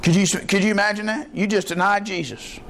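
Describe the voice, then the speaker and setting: A pastor preaching an evening church sermon in a folksy way, often calling out "Amen" and asking the congregation questions. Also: male voice, sits high, fairly even intonation, brisk, creaky, fairly bright tone, slight background noise. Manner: folksy preaching with frequent "Amen" call-outs. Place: church service with a responding congregation.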